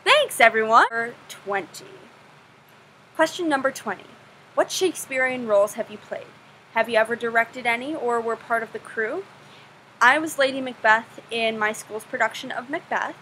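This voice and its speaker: A young woman talks straight to camera with a bright, forceful tone that sits a little high. She chats and gushes with a self-deprecating streak. A faint hiss runs under the recording. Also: normal speed, poor audio. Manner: chatty, self-deprecating, gushing. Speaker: vlogger answering viewer questions. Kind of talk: casual Q&A vlog.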